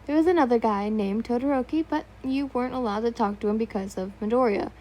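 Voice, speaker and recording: A woman narrates fan fiction aloud, often tripping on words and correcting herself. Her voice sits somewhat high, with a mellow, relaxed tone. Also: fast, low-quality recording. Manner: stumbles on words and comments on typos. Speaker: story reader.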